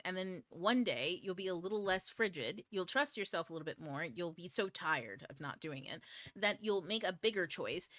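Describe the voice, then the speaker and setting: A woman's voice: fairly low pitch, sharp tone, no room sound. A woman hosting a book club stream, chatting casually in a blunt, profane way and laughing often. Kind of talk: casual livestream talk.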